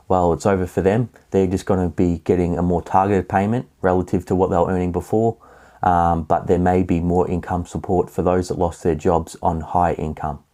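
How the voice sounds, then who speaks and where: A low, mellow-voiced man runs through property market figures in a solo video update. He reads the numbers at a steady clip and drops in the odd filler as he goes.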